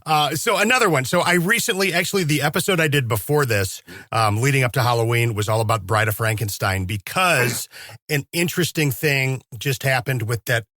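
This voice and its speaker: A man's voice: medium pitch, brisk, bright, forceful tone, no echo, clean studio sound. A man hosting a podcast, chatting with eager interest and chuckling along with his guest. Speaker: podcast host. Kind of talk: casual interview chat.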